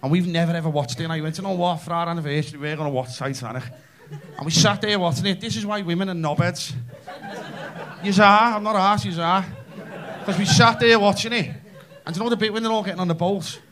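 A man in his 30s with a high, slightly bright voice delivers a brash, sweary stand-up set at a quick pace, addressing the crowd in a club. The live audience can be heard laughing and cheering.

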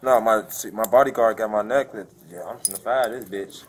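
A man's voice: lowish voice, brisk, slight background noise. A man from Chicago telling, agitated and profane, how he was arrested and beaten. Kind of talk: casual talk in custody.

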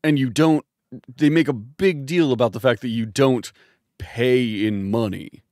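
Man, deadpan improv co-host, middle pitch, dry sound with no room echo. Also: unhurried. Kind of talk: improvised comedy chat.

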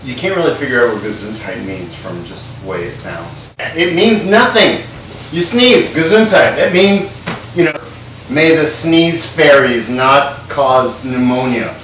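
A man's voice: mid-range voice, animated, a little slow, fairly bright tone, a little hiss or hum. Rambling, swearing man in echoey kitchen. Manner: rambling, profane, tipsy banter while cooking. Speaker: cooking show host. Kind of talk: comedic cooking vlog. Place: home kitchen. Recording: very echoey kitchen, far from mic.

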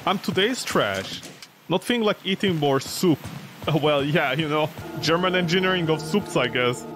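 A man streaming a horror game, excitable and joking as he yelps at what happens on screen. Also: on the high side, moderate pace. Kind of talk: let's play commentary. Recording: game music playing behind voice.

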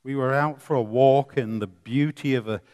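A man preaching a sermon, swinging between loud emphasis and quiet asides, with many rhetorical questions. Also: mid-range voice, normal speed. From England. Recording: long reverb of a hall.

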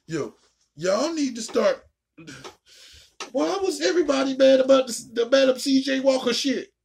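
A woman ranting casually and profanely while reacting to a show, with a raspy, gravelly voice. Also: sits high, expressive, normal speed, darkish tone, slight background noise. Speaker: video reactor.

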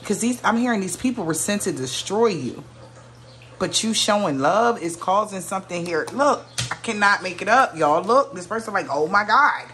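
A woman's voice: mid-range voice, animated, moderate pace, a bit bright, slight background noise. A woman giving a casual tarot reading to her viewers, musing aloud, often exclaiming and trailing off mid-sentence. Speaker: tarot reader.

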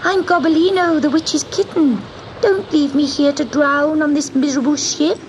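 A woman voicing a small frightened male kitten, pleading in a high, tearful voice. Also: fairly even intonation, normal speed, low-quality recording. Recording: background noise.

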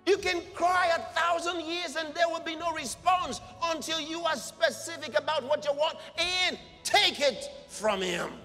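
A man's voice: extremely high pitch, unhurried, hardly any pauses, pushed and bright, long reverb tail, faint music behind. A man preaching a sermon, impassioned and acting out the voices he quotes.

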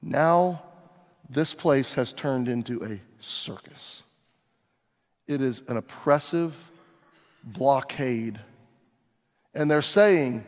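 A man's voice: medium pitch, drawn-out words, pauses often, in a large hall. A male pastor preaching a sermon, telling the story dramatically as if living through it himself. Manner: dramatic storytelling, acting out scenes.

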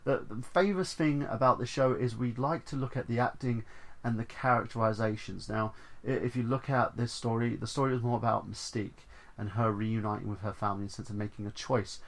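A man's voice: mid-range voice, fairly even intonation, fairly quick, gravelly. A man giving a casual, enthusiastic spoken film review, rambling with frequent fillers and restarts. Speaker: movie reviewer.

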